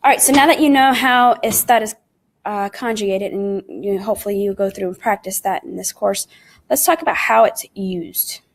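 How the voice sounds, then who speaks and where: A woman's voice: mid-range voice, moderate pace. A woman teaching an online Spanish lesson in English. She explains patiently, step by step, mixes in Spanish words and conjugations, and often calls the class "guys".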